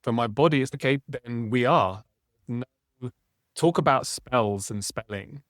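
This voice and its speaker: A man's voice: mid-range voice, a little slow, a bit bright, no echo. A man in casual podcast conversation, musing aloud with frequent tag questions. His voice sits mid-range and the recording is dry and close, with no room sound. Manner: reflective, uses tag questions. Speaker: podcast host.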